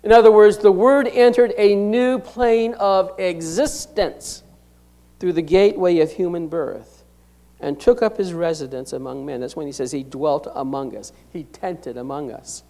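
A middle-aged man preaching a sermon, driving points home with sudden swings between loud declarations and hushed, slowed phrases. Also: high-pitched, steady tone. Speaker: pastor.

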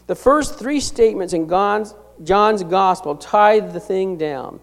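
A middle-aged man preaching a sermon, driving points home with sudden swings between loud declarations and hushed, slowed phrases. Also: high-pitched, lively intonation, vocal fry. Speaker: pastor.

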